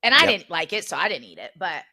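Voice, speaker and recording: A young woman co-hosting a podcast, telling family stories in a casual, animated way, laughing often and acting out what relatives said. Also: fairly low pitch, quick pace. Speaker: podcast co-host. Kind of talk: casual chat, storytelling.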